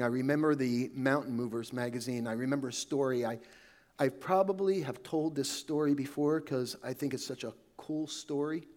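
A man preaching a sermon, telling a story in a conversational way that often sinks to a soft hush. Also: on the high side.

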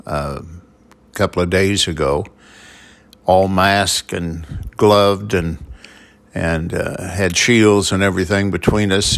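Older grandfather type, very deep gravelly voice, halting and unhurried. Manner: unhurried storytelling with many "uh"s. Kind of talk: casual conversation.

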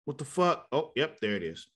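A man talking through a TV episode with a friend, pitch sitting in a middle range. He swears constantly, gets worked up, and slips into quick impressions of the characters. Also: breathy edge. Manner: profane, animated, acts out characters in quotes. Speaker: podcast co-host. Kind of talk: casual TV recap chat.

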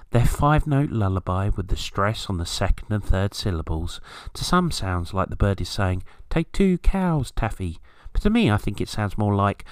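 A man's voice: lowish voice, no room sound. A man from Britain hosting a scripted garden-bird podcast, with a wry, storytelling manner and playful asides. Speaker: podcast host. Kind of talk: scripted nature podcast narration.

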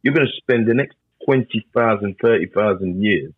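A man who pastors and sings gospel, talking in a relaxed but insistent way and often asking "you know what I'm saying". His voice is husky. The sound is dry and a little muffled. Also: lowish voice, normal speed, no room sound. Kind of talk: casual conversation.

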